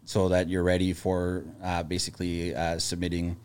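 A man, a business owner, talking in a casual podcast chat and telling stories in a calm, level-headed way. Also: low-pitched, normal speed, smooth.

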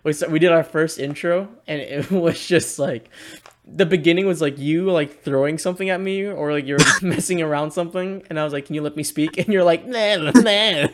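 Young male podcast co-host with a slightly high voice, chatty and giggly. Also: fairly even intonation, brisk, slight background noise. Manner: laughs often while telling stories. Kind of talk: casual chat.

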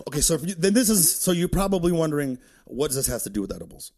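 A male comedian from Detroit telling a story as a podcast guest, profane and excitable, laughing as he talks. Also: on the high side, brisk. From Detroit, USA. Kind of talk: animated comic storytelling.

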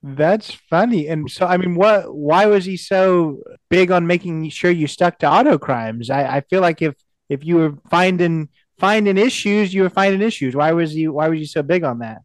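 A man hosting a podcast who asks relaxed, curious follow-up questions. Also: fairly high pitch, moderate pace, no echo. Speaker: podcast host. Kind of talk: interview questions and backchannel.

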